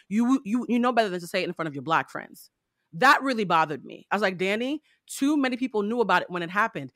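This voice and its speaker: A woman tells her side of a story as a podcast guest, emphatic and animated, and she often turns to the listeners. Her voice is bright and a little sharp. The sound is close and dry. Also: on the high side, no echo. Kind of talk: casual storytelling.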